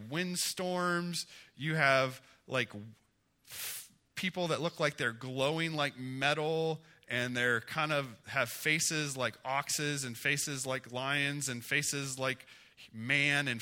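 Guy preaching a sermon, real bright tone, gets animated and emphatic. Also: fairly high pitch. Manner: conversational, asks the congregation questions. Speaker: pastor.

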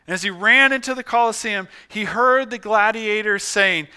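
A male pastor preaching a sermon as a dramatic story, dropping to a hush and then rising loud. His voice is high and very bright, with a smooth, ringing clarity. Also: moderate pace, few pauses.

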